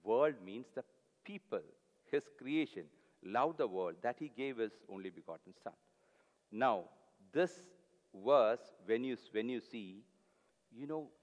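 A man delivers a sermon at a measured, unhurried pace, his voice of middling pitch. He speaks earnestly, repeating key phrases and pleading with his listeners. The sound carries a long, reverberant hall echo. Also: expressive. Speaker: preacher.

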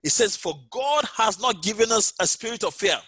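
A man's voice: high voice, expressive, moderate pace, pushed and bright, husky, no room sound, low-quality recording. A man preaching and leading prayer, chanting fervently and repeating "Father Lord" as he speaks to listeners at home. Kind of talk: prayer and sermon.

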